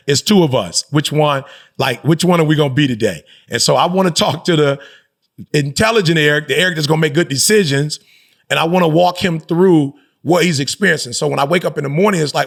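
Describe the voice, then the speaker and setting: A man's voice: a little high, a little fast, gravelly, a bit bright. A middle-aged man, a motivational speaker and pastor, talking candidly as a podcast guest in a reflective, emphatic way with slangy asides. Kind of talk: candid conversational interview.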